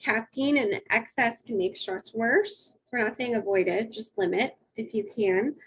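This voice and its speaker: A woman's voice: fairly high pitch, a little slow, slightly rough, poor audio. A middle-aged woman, a wellness coach, giving a friendly, conversational webinar presentation and listing practical tips.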